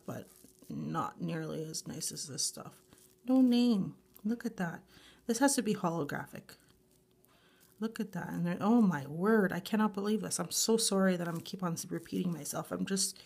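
Slow-talking woman gushing over nail supplies. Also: fairly low pitch, gravelly. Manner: gushing, breathless exclamations, repeats herself. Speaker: nail polish vlogger. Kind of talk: unboxing a grab bag, excited casual chat.

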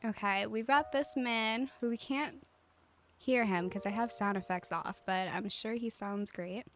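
A woman streaming a life-sim game, chatting casually with viewers in a calm, cozy way, giggling often and using lots of fillers. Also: medium pitch, a little slow. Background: faint game music.

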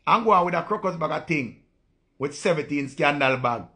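A man's voice: on the high side, expressive, normal speed, bright, forceful tone. A man with a Jamaican accent, hosting a live stream and talking casually to viewers in blunt, profane patois.

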